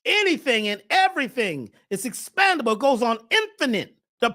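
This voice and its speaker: A man hosting a spiritual talk show, preaching with fire, shouting at times and then dropping to a hush. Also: extremely high pitch, big pitch swings, moderate pace. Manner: preachy, swings from shouting to hushed. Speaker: host.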